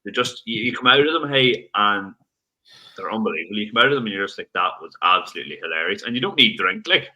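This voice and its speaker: A man's voice: fairly low pitch, expressive, bright, forceful tone, low-quality recording. A man with a Northern Irish accent, a podcast guest rambling through stories in casual chat. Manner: rambling, quick, restarts sentences.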